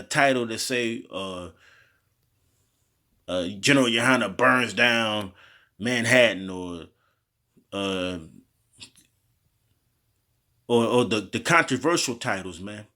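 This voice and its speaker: A man leads an informal Bible study, reading verses and then unpacking them in loose street slang. He keeps checking in with his listeners and trips over unfamiliar words, restarting them. His voice sits at an ordinary middle pitch. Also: pushed and bright. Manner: loose slangy delivery, often tagging "man" and "okay?"; halting over word pronunciations, restarting often. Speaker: street preacher teaching scripture.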